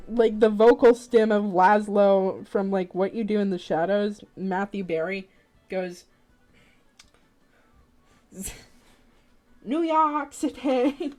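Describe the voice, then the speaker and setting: A woman's voice: medium pitch, mellow. A woman streamer chatting casually on a live stream, rambling, swearing freely and laughing often.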